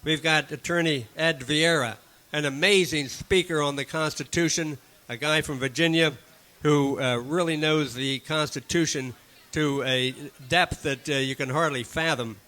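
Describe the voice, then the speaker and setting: A man announcing upcoming speakers and an event, talking in a halting way with many fillers. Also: a little high, sharp tone. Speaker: event organizer making announcements.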